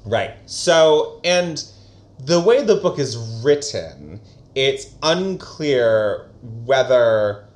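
A man in casual conversation, recapping a novel with a lively, swooping voice that jumps into character voices. The recording has a roomy echo. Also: mid-range voice, drawn-out words. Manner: animated retelling with voices. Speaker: podcast co-host. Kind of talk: casual book discussion.

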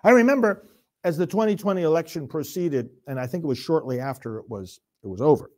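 A priest with a mellow, fairly high voice and lively intonation delivers impassioned political commentary in a preaching cadence. He fires off rhetorical questions and speeds into rapid bursts as he gets worked up.

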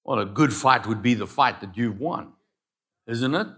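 A man preaching a sermon, swinging between loud declarations and quiet asides. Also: medium pitch, normal speed. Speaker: pastor.

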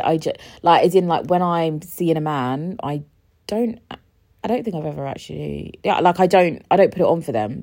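Lively, rambling woman. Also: deep voice, creaky. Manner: rambling, emotional, swearing, rising to near-shouting. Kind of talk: casual solo monologue.

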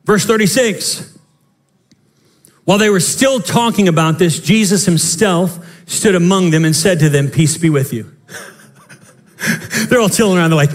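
A male pastor preaching an animated Easter sermon, playful, acting out the scenes and laughing as he goes. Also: high voice, moderate pace, pauses often.

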